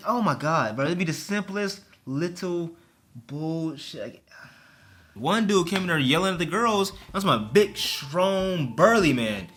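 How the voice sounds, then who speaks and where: A man's voice: high-pitched, expressive, normal speed, a bit bright, slight background noise. A young man telling a storytime rant in a casual, profane, slangy way. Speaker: vlogger.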